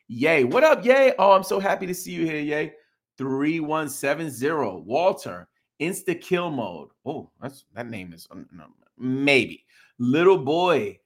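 A man hosting a podcast stream, reading out viewer names one by one with quick reactions. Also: on the high side, a bit bright. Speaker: podcast host. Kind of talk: live stream shout-outs to chat.

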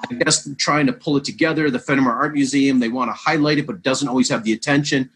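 A man's voice: mid-range voice, fast talker, slightly rough. A man, a vintage baseball player, telling long rambling anecdotes as a guest in a casual interview. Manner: rambling, animated anecdotes with restarts.

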